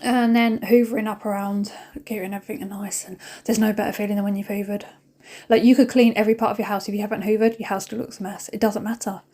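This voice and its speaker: A woman's voice: mid-range voice, flat delivery, fast talker, mellow. Chatty British woman vlogging while cleaning. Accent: British English. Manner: chatty, rambling, addresses viewers directly; emotional, self-mocking. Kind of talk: casual chat while cleaning.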